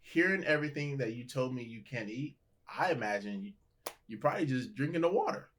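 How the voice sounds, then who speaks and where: A man's voice: mid-range voice, expressive, brisk, fairly bright tone, slight background noise. Laid-back joking man in casual chat. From Nigeria. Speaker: podcast guest, comedian.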